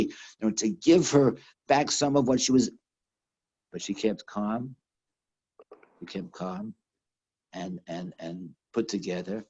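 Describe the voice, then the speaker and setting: A man teaching a lesson over a video call, telling a story in a halting way with lots of restarts and fillers. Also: mid-range voice, lively intonation, warm tone, breathy edge, dull audio. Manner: halting, repeats words, many fillers.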